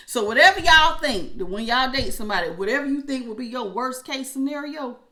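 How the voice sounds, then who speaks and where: A woman's voice: sits high, fairly quick, background noise. A woman, a tarot reader talking casually and emotionally to her viewers. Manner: chatty and emotional, animated with laughs.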